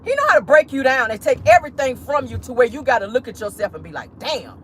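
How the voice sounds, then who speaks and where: A woman's voice: high voice, very animated, fast, a little hiss or hum. A woman giving casual pop-culture commentary on her vlog, emphatic and preachy, with frequent profanity. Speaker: commentary vlogger.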